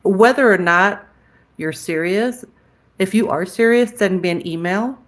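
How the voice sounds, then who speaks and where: A woman at a middle pitch chats at a slow, easy pace with her livestream audience. She reads out viewer comments and answers them in a frank, casual way, dropping the odd curse word. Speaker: livestream host chatting with viewers. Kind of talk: casual live-chat talk.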